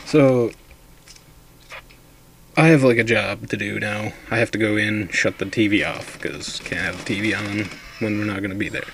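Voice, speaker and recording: Man, deep-ish voice, casual storytelling, rambling, cusses constantly. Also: normal speed, vocal fry, slight background noise. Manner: rambling, heavy swearing. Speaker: vlogger telling a ghost story.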